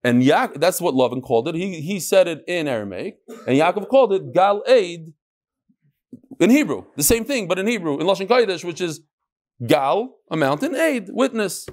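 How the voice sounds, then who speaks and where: Man, Talmud teacher, animated, rhetorical, higher voice, lecture to a class. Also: moderate pace. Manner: animated, rhetorical, asks and answers himself.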